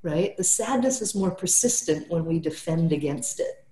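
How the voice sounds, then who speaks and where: A woman therapist with a slightly low voice chats loosely about a client, ending almost every sentence with "right?" and filling gaps with "you know". The sound is roomy and echoey. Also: lively intonation, moderate pace, mellow. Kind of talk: casual podcast conversation.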